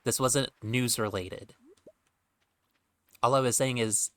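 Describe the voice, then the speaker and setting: A man's voice: on the low side, takes it slowly, pauses often, a bit bright. A man streaming a game, chatting casually, rambling and joking with offhand swearing. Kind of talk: casual gameplay commentary.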